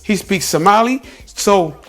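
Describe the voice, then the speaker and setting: A man from the United States speaks in an emphatic, conversational vlog style, circling back over his points and addressing the listener as "bro". His voice sits fairly high for a man. Quiet music plays faintly in the background. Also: animated, a little slow. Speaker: vlogger. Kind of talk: casual opinion talk to camera.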